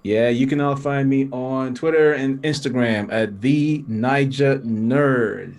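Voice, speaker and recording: A man co-hosting a podcast, trading playful, quick quips. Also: medium pitch, fairly even intonation, darkish tone. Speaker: podcast co-host. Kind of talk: casual podcast chat.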